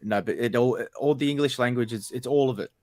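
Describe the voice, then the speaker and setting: A man's voice: medium pitch, brisk, a little mellow. An Australian man co-hosting, joking and bluntly bantering in casual chat. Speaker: co-host.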